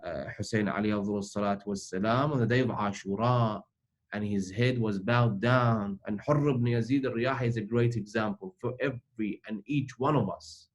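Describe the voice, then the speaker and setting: A man's voice: fairly low pitch, normal speed. A man teaching a religious ethics class in a conversational way, explaining through everyday examples.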